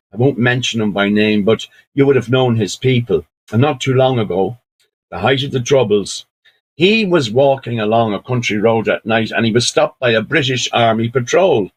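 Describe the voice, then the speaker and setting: An Irish man telling stories at an online session, unhurried and reflective, with friendly asides. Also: medium pitch, slightly rough. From Ireland. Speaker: storyteller. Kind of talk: storytelling talk at an online session.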